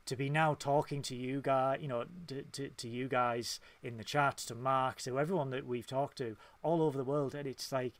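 A man from Hull with a Yorkshire English accent, hosting a casual podcast chat, talkative and quick to laugh. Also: mid-range voice, dry recording. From Hull, England. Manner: chatty, laughs often, animated. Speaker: podcast host.

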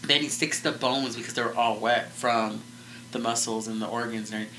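A man talking through a crime case in loose, unscripted podcast chat, circling back with "like" and half-finished sentences. His voice has a bright, forward edge at an ordinary middle pitch. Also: fairly even intonation, moderate pace, slight background noise, poor audio. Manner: rambling, full of "like" and restarts. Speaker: podcast co-host. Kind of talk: casual true-crime chat.

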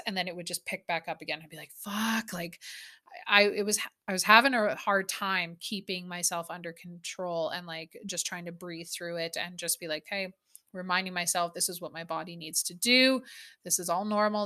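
A woman's voice: fairly low pitch, pushed and bright. A woman telling her own birth story in a casual, candid way, chatty and swearing freely.

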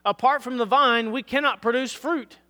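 Pastor, male, hoarse, earnest sermon delivery, bright tone in a reverberant sanctuary. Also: extremely high pitch, normal speed. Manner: earnest preaching, reads scripture aloud, asks "All right?". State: losing his voice.

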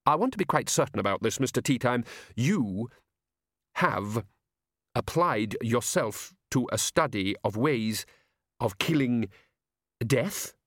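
A man's voice: medium pitch, expressive, slow, fairly bright tone, no room sound, studio quality, heavily acted. A man voicing an older, pompous guild lord who asks fussy, startled questions in a raised voice. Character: older male guild head, pompous, flustered.

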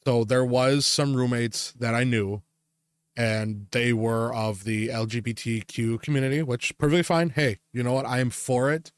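A man's voice: medium pitch, steady tone, normal speed, no room sound. A man co-hosting a casual podcast, rambling with plenty of fillers and swearing freely. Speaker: podcast co-host.

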